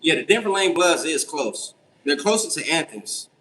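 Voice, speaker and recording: Animated young man livestreaming late night. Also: on the high side, normal speed, a little hiss or hum, low-quality recording. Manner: animated, incredulous, swears freely. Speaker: livestream host. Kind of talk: casual late-night livestream, reading and answering chat.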